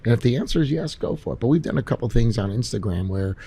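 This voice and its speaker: A man co-hosting a live podcast Q&A at a seminar, talking in an animated, jokey way with some swearing. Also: medium pitch, fast, gravelly, husky. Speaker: podcast co-host. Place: seminar stage.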